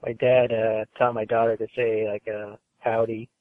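A man's voice: lowish voice, flat delivery, moderate pace, dry recording. A man guesting on a podcast, talking loosely about his studio job with lots of fillers and restarts. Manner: rambling, filler-heavy, easygoing. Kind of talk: casual interview chat. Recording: phone-like call audio.

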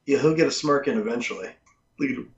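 A man's voice: medium pitch, fast. A man from the Boston area co-hosting a podcast, joking around, swearing freely and laughing easily in casual banter. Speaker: podcast co-host. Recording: dull lo-fi sound.

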